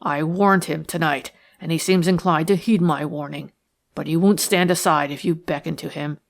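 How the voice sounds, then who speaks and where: Lady reading gravelly bitter guy making threats, low and rough. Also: fairly even intonation, moderate pace. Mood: menacing. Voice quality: harsh, coarse. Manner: sullen, menacing, low-voiced. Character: rough jealous male schemer, bitter and threatening. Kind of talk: audiobook character reading.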